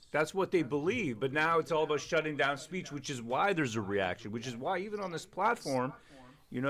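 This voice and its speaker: A man's voice: medium pitch, a bit bright. A middle-aged man hosting a livestream, talking in a rambling, emphatic way full of restarts. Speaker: streamer and host. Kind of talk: casual political chat on a livestream.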